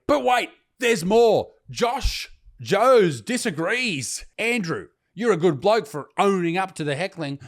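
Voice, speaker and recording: A man, a comedian ranting sarcastically and with heavy swearing while reading comments aloud. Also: a little high. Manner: sarcastic, profane, mocking. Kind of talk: reacting to comments, casual rant.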